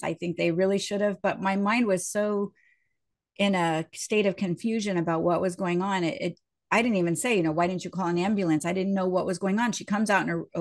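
A woman minister telling a personal story during a sermon, in a conversational way and acting out the voices of the people in it. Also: medium pitch.

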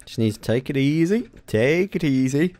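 A man commentating his own gameplay, excited, giggling often and exclaiming at explosions. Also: mid-range voice, normal speed, background noise. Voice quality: giggly, frequent laughter and exclamations. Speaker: gaming YouTuber.

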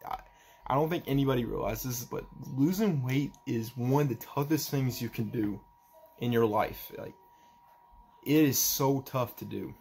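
A young man talking in a personal vlog, halting and emotional as he tries not to cry, with a faint hiss behind him. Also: medium pitch, vocal fry, a little mellow, breathy edge. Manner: halting, emotional, restarts often. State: holding back tears. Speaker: vlogger.

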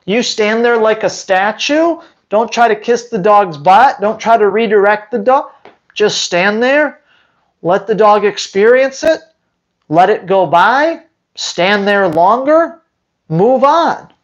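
A man's voice: sits high, lively intonation, slow pace, highs cut off. A man who trains dogs, answering viewer questions on a live stream in a blunt, emphatic way and hammering his points home by repeating them. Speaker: dog trainer.

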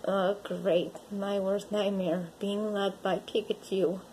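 A woman's voice: medium pitch, little pitch movement, slow pace, warm tone, slight background noise, close to an everyday voice. A woman voicing a grumpy, standoffish male black cat who sulks and protests when another cat gets close. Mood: sarcastic. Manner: reluctant, sulky protests.

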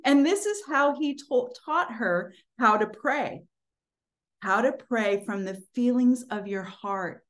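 Animated middle-aged woman teaching faith. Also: a little high, slow. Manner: animated storytelling, frequent laughter; conversational, with fillers like "you know" and "like". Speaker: Christian teacher. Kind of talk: casual spoken teaching.

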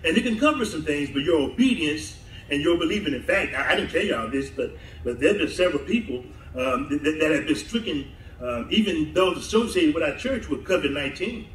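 A man's voice: a little high, expressive, fairly quick, slight background noise. A man preaching a sermon as pastor, laughing often and drawing call-and-response from the congregation. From southern United States. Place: church sanctuary. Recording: echoey church hall mic from a distance.

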